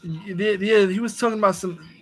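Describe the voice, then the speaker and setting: A man co-hosting a casual podcast, laid back, swearing and chiming in with quick agreement. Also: sits high, steady tone, a bit bright, slight background noise. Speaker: podcast co-host. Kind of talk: casual chat.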